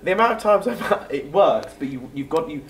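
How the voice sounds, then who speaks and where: A man's voice: a little high, a little fast. A man attending a workshop, animatedly telling a story and acting out both sides of a phone call. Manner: animated storyteller, acts out the other side of the call. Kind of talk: casual anecdote. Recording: roomy, distant mic with background hiss.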